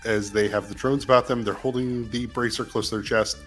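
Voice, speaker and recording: A man runs a tabletop game with a voice of middling pitch, breaking into laughter as he narrates. Faint music plays behind him. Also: steady tone, a little fast, few pauses, fairly bright tone. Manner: laughs often while narrating, playful. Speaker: game master.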